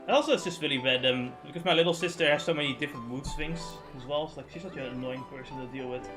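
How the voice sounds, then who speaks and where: A young man venting in a casual, profane rant on his game stream, swinging from loud outbursts to low muttering. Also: fast, music in the background.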